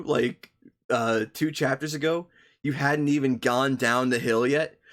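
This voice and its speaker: A man's voice: medium pitch, steady tone, a little slow, fairly bright tone. A young man streaming, reading a story aloud to his chat with profane, joking asides.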